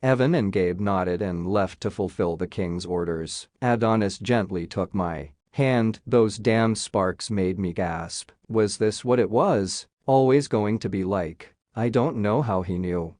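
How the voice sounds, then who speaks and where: A man reads a novel aloud in the first person, his voice sitting on the low side. The delivery is steady and even. The sound is dry and close, with no room around it. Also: measured pace, few pauses, no echo. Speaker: audiobook narrator.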